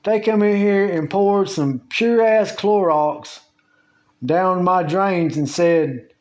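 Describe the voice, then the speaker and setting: Man, slow drawl, higher-pitched voice, rambling home vlog talk, casual storyteller. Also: darkish tone. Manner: slow, drawling, meandering storytelling with Southern US grammar. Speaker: vlogger. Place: at home with the door open.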